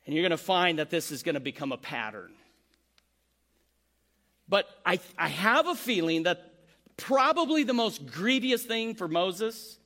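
A man preaching a sermon, animated, acting out the complaints he quotes. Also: high voice. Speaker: pastor.

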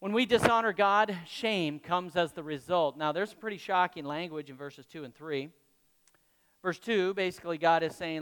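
A man's voice: sits high, moderate pace, a bit bright, clear, resonant tone, big-room sound. A male pastor preaching a sermon to his congregation, talking conversationally and tossing questions to the room. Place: church hall with congregation.

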